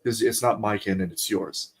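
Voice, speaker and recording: Rambling low-voiced young man chatting. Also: gravelly, breathy edge. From Eastern US. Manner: rambling, playful, with quick put-on voices. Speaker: streamer. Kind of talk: casual chat.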